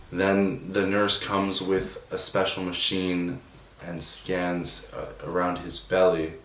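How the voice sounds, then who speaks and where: A young man with a low voice tells a personal story in a slow, subdued way, stopping and restarting often. He sits a little back from the mic in a roomy space, with a faint hiss behind him. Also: fairly bright tone. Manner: halting, full of restarts and "like" fillers; subdued and emotional. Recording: roomy echo, distant from the mic, faint noise.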